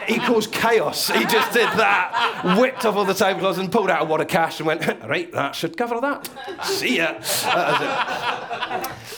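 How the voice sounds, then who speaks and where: A man's voice: medium pitch, fairly bright tone. A man giving a stand-up comedy lecture to a live audience, telling stories in a dry, wry way and chuckling at his own lines.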